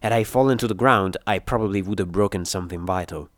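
A man reading an action story aloud in first-person narration, with steady, dramatic storytelling. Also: sits low, fast talker, no room sound, studio quality. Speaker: audiobook reader.

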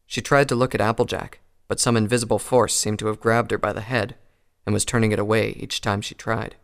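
A man reading a pony fan fiction story aloud in a calm, even storytelling voice. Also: on the low side, brisk, smooth. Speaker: narrator.

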